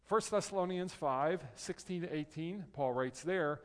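A man preaching a conversational sermon as pastor, reading scripture aloud in slow, careful phrases. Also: high-pitched, expressive. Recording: long hall reverb.

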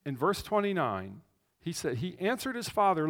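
A man preaching a conversational sermon as pastor, telling the story with animation and swinging between loud and hushed. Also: high-pitched, very animated, normal speed. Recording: long reverb of a large hall.

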